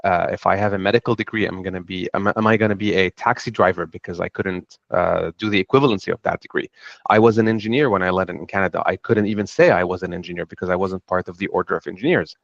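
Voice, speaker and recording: A middle-aged Lebanese man with a Lebanese accent speaks earnestly on a panel, reflectively telling the story of his own path. His low, gravelly voice moves at a quick pace with fairly even intonation. The recording sounds dull and dry, with no room sound.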